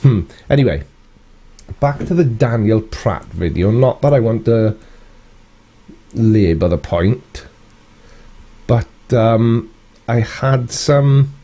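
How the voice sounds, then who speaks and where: A man's voice: mid-range voice, expressive, slow, pauses often, warm tone. A man with a British accent hosting a casual live stream, chatting and answering viewer comments in a wry, conversational way.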